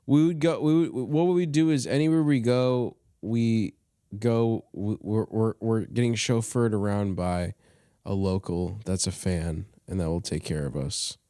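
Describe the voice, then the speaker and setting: A man's voice: fairly low pitch, fairly even intonation, measured pace, mellow, clear, resonant tone, no room sound, studio quality. A young man co-hosting a podcast in casual chat, laid-back and slangy, often hesitating. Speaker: podcast co-host.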